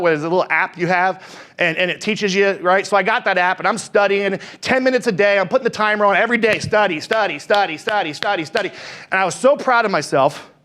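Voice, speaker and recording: A man's voice: high voice, a bit bright. A man training salespeople, telling stories with energy and asking his audience questions. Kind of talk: motivational talk with stories.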